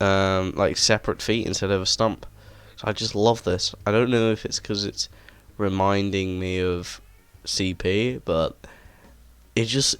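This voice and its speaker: A man's voice: on the low side, a bit bright, clear, resonant tone, no echo. A man giving a rambling, enthusiastic walkthrough of a game, full of "um"s and "like"s, recorded on a desk microphone. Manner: rambling, enthusiastic, many fillers. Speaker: gaming video creator. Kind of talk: casual game walkthrough commentary. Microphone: desk microphone with headset.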